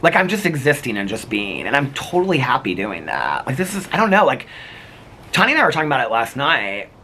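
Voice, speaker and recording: A man's voice: medium pitch, huge pitch swings, brisk, bright, forceful tone, slight background noise. A man talking to camera in a casual, reflective vlog, rambling with lots of restarts and fillers. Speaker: vlogger.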